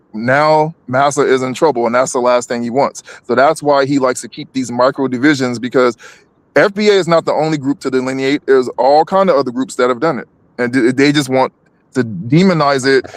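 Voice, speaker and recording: A man co-hosting a live stream, talking politics casually, with many restarts and repeated words. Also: medium pitch.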